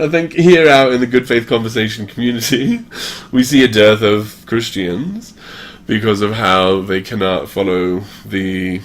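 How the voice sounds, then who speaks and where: Tipsy man in his forties, rambling livestream monologue, profane, chuckling, mid-pitched voice. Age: 40s. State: tipsy from drinking. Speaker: livestream host.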